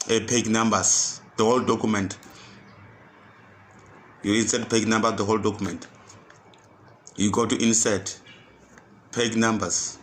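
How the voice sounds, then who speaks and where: A man tutoring computer skills, walking through a software task step by step and repeating each instruction. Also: lowish voice, slight background noise. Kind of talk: screen-recorded software tutorial.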